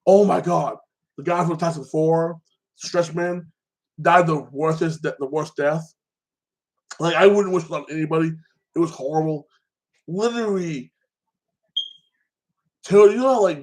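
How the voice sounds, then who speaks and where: Man, casual chat, excitable rambling, filler-heavy, slightly high pitch. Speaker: podcast host. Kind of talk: casual movie recap chat.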